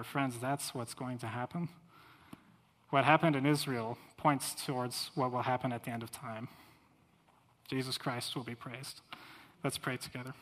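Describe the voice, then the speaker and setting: A man's voice: mid-range voice, fairly bright tone. A man preaching a sermon as a missionary, earnest and fervent, reading scripture aloud with rising force. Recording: long hall reverb.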